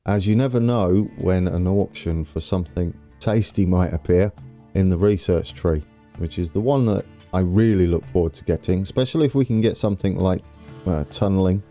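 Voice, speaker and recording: A young man with a deep, warm, relaxed voice talks through a strategy game as he plays it. He chats casually, thinks aloud and pokes fun at himself. Soft game music plays faintly behind him. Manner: chatty, self-mocking, thinking aloud while playing. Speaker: let's play host. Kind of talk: casual gameplay commentary.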